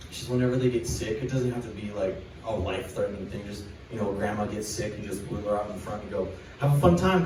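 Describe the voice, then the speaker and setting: A man's voice: lowish voice, mellow, a little hiss or hum. A young man doing a rambling, crude stand-up set at an open mic, reading jokes off a list on a small club stage. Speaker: stand-up comedian. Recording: echoey club recorded from far off.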